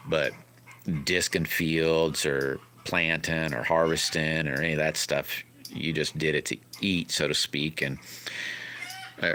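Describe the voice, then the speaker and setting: A middle-aged man rambles through folksy stories on his live stream, often chuckling. His voice sits very low in pitch. His tone is bright and sharp-edged. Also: a little hiss or hum. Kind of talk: casual storytelling chat.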